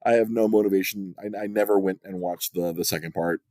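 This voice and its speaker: A man guest on a podcast, joining by video call, telling animated stories and swearing freely. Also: sits low, brisk, dry recording, clean studio sound. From Southern California. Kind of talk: casual chat.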